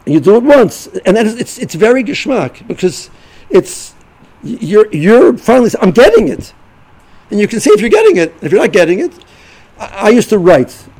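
Middle-aged rebbe guy, high-ish gravelly voice, keeps restarting sentences. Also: big pitch swings, darkish tone, rough recording. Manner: halting, repeats words, restarts sentences. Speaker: yeshiva rebbe giving a shiur. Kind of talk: informal Torah talk.

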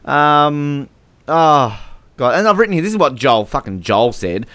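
A man's voice: fairly high pitch, sing-song, unhurried, a bit bright, dry recording. A man hosting a casual podcast chat, sarcastic and often laughing. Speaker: podcast host. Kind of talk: casual chat reviewing song contest entries.

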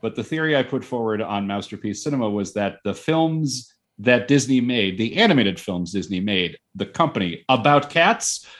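A man's voice: fairly low pitch, expressive, moderate pace, fairly bright tone. A man, a guest film expert, chatting casually and offering opinions. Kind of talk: casual chat.

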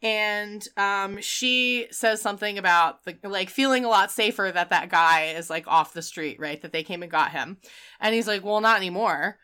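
A woman's voice: mid-range voice, normal speed, sharp tone, smooth. A woman casually recapping a movie, full of "like" and laughter, quoting characters as she goes. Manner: chatty, filler-heavy retelling with quoted voices and laughter. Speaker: podcast co-host recapping a film. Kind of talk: casual chat.

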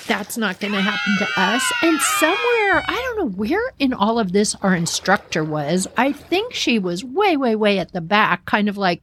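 A woman hosting a podcast, telling a personal story in an animated way, acting out quoted voices and laughing often. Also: mid-range voice, slight background noise. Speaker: podcast host.

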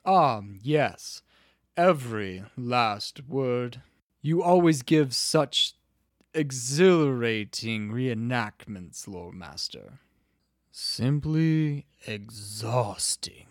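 A man speaking slowly in a dry, wry tone, bantering as a scribe. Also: mid-range voice, expressive, dry recording. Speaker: co-host playing a scribe.

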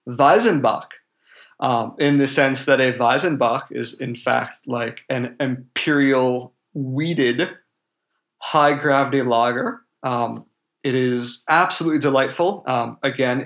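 A man's voice: medium pitch, a bit bright. A man hosting a casual podcast chat, rambling with many ums and likes. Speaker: podcast host.

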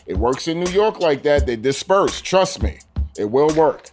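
A man who works as an armored car guard, telling his story in an interview with animated energy and acting out the voices he quotes. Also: on the high side, normal speed, faint music behind.

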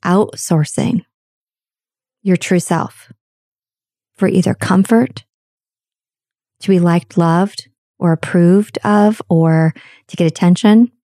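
A woman speaks candidly in a reflective monologue, with a fairly low and mellow voice. Her delivery is dry and close, with no room sound. She stretches key words for emphasis as she tells stories. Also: no echo. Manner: candid, storytelling, drawn-out emphasis.

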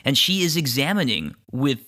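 Male game master, measured scene-setting narration, bright tone. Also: medium pitch, big pitch swings.

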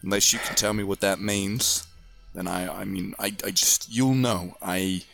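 A man voicing a sly male shapeshifting cat creature who speaks quietly in cryptic riddles. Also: low-pitched, measured pace, creaky, soft background music, heavily acted. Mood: solemn.

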